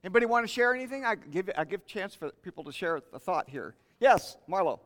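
A man's voice: high-pitched, big pitch swings, fast talker, fairly bright tone. A man preaching a sermon in a conversational way, inviting the congregation to share their thoughts. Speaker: pastor. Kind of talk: interactive sermon. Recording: long hall reverb.

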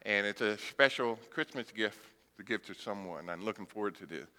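Animated bright-voiced man preaching in a hall. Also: on the low side, normal speed. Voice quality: blind speaker. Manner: humorous, animated storytelling with acted-out voices. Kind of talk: sermon with storytelling.

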